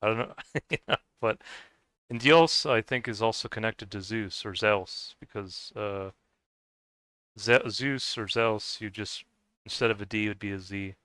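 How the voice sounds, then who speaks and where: A man talking casually while playing a game, his voice low-pitched and smooth. He rambles and hesitates, piling up fillers and restarts with frequent laughs. The sound is dry and close, with no room around it. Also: fairly even intonation, normal speed, pushed and bright, dry recording. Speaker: gaming streamer. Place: lives in the US.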